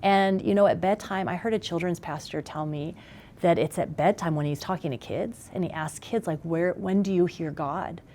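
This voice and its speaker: A middle-aged woman speaking as a parenting expert guest in a conversational interview, animated and acting out little scenes. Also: lowish voice, normal speed, slight background noise.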